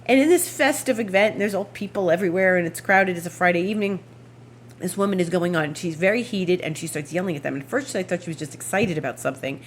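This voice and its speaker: A woman hosting an astrology show, telling a rambling, animated story with frequent laughs and asides. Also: on the low side, fast talker, slight background noise. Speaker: astrology podcast host. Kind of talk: casual anecdotal storytelling.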